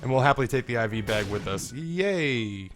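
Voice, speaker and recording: A man's voice: lowish voice, racing, a bit bright, soft background music. A young man with a congested, sick-sounding voice, commentating a video game casually, rambling, swearing and making fun of himself. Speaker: gaming commentator. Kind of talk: casual let's-play commentary.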